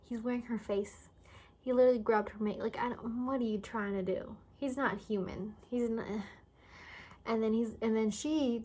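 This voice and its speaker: A woman's voice: on the high side, dark tone. A young woman giving a casual, exasperated movie review, sarcastic and stumbling over her words at times.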